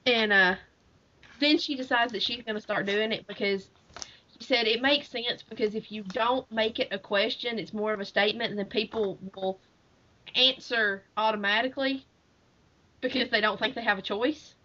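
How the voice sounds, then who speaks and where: A woman's voice: on the high side, moderate pace, pushed and bright, a little hiss or hum. A woman co-hosting a book podcast, animatedly retelling a story and laughing often. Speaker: podcast co-host. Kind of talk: casual book chat. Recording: dull lo-fi audio.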